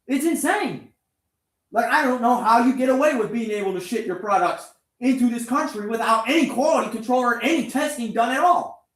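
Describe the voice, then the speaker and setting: An engine that won't start has this vlogger furious: he rants at it to the camera while wrenching on his motorbike, sarcastic and swearing constantly, a bit winded. His voice is very high, fairly quick and a bit bright, with lively intonation, and the room is echoey.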